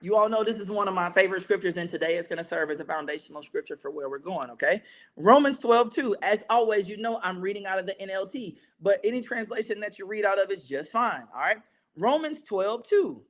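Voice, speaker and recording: Leading a Bible study, this man keeps his audience engaged through call-and-response and repeated "right?" check-ins. His voice is high-pitched and fairly quick, with plenty of energy.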